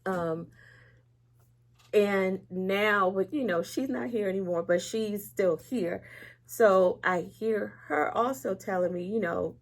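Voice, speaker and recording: Speaking slowly in a mid-range voice, a woman gives a personal faith testimony as an interview guest. She is frank and emotional, performs the quoted speech of others, and laughs gently between weightier remarks.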